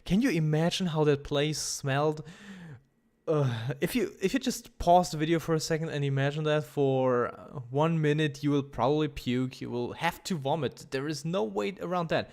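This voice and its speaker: A man's voice: on the high side, moderate pace, a little mellow. Man, gaming commentary, rambling storytime, over-the-top disgust, lots of fillers.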